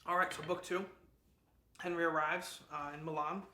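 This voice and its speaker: A man hosting a book club gives a loose, rambling summary. His voice is bright and a little high. The room has a lot of echo. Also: little pitch movement, normal speed. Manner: rambling, lots of fillers and restarts.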